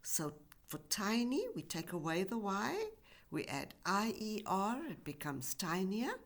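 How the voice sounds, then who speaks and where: A woman's voice: medium pitch, sing-song, measured pace. A woman teaching English grammar in a recorded lesson, speaking carefully and stretching out example words. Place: university e-learning course.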